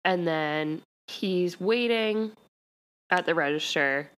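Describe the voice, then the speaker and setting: A woman's voice: fairly low pitch, takes it slowly. A woman co-hosting a podcast, casually recapping a TV episode in a rambling way full of fillers. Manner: rambling, heavy use of "like". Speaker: podcast co-host.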